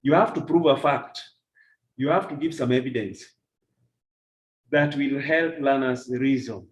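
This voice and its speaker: A middle-aged man giving a workshop lecture to teachers, deliberate and repeating key phrases for emphasis. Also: medium pitch, poor audio. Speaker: teacher trainer.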